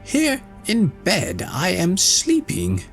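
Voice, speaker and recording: Enchanted talking drops of blood from a storybook, as a man puts them on, answering in a thin, high sing-song. The tone leaps around with a slight gravel underneath. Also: huge pitch swings, takes it slowly, faint music behind, exaggerated voice. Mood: eerie.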